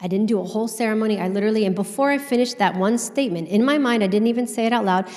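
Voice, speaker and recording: A woman giving a conference talk on stage, telling a personal story in a candid, animated way with casual swearing. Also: mid-range voice, very fast, big-room sound. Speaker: conference speaker.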